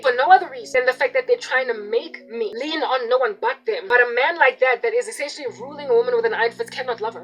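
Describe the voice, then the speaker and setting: A high-voiced young woman with a South African accent delivers a heartfelt, aggrieved monologue straight to her viewers. She jumps between quiet confession and sharp, loud impressions of yelling. Faint music plays underneath her. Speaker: video blogger. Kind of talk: emotional personal monologue.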